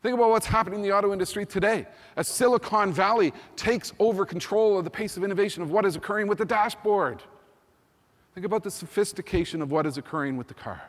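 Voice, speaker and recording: A man in his fifties giving a keynote talk, energetic and emphatic, often repeating "think about" and "you know". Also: sits high, fast. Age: 50s. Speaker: keynote speaker. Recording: long hall reverb.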